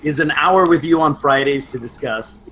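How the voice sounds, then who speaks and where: A man's voice: fairly high pitch, normal speed, bright, forceful tone, a little hiss or hum, rough recording. A man who teaches martial arts, co-hosting a podcast and chatting with enthusiasm and some teasing. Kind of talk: casual podcast chat.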